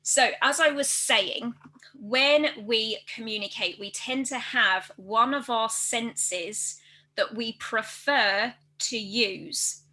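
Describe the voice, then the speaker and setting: A woman presenting a workplace training video, speaking fast and loudly with careful articulation. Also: a little high, rough recording. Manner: fast, loud and well articulated.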